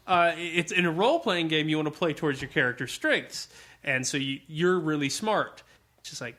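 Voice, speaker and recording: A man co-hosting a podcast, telling an anecdote in a casual, animated way, often laughing and acting out the dialogue. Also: a little high, normal speed. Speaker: podcast co-host and game master.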